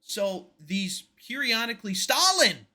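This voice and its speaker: An American man co-hosts a podcast, offering casual, opinionated talk that is emphatic and rambling, his voice sinking to a mutter as each point ends. He speaks at a measured pace with a very high, very animated voice and a sharp tone.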